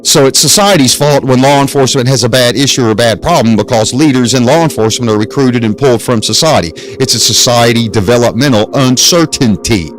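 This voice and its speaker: A man's voice: mid-range voice, a little fast, hardly any pauses, rough recording. A man hosting his own podcast, lecturing in an emphatic style that is full of rhetorical questions and repetition, speaking into a desk mic on a stand. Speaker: podcast host.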